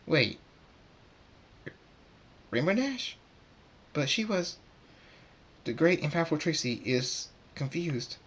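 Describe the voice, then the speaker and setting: A man voicing a boastful, showy female unicorn pony, yelling in sudden alarm. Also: on the high side, normal speed, hardly any pauses, slightly rough, pitched above the performer's own voice. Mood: confused. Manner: loud, shouting exclamations.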